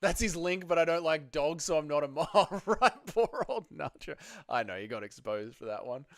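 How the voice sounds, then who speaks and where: A man's voice: fairly high pitch, expressive, moderate pace, vocal fry, fairly bright tone, no room sound, clean studio sound. A man hosting a casual livestream, chatting loosely with his viewers and swearing freely. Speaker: livestream host.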